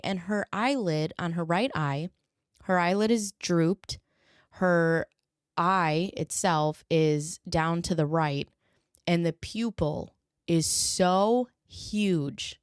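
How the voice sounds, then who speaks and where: A woman's voice: lowish voice, slow pace, smooth, no room sound, studio quality. A young woman hosting a podcast, telling a story casually with fillers and swearing, acting out quoted lines in a raised voice. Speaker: podcast host.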